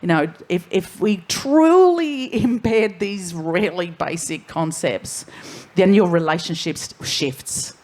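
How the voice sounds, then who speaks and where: Aussie woman talking on a festival panel stage, lowish voice, swears, meanders a lot. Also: lively intonation, slow, hardly any pauses, a little mellow. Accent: Australian. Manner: frank, meandering, swears casually. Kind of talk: candid panel talk.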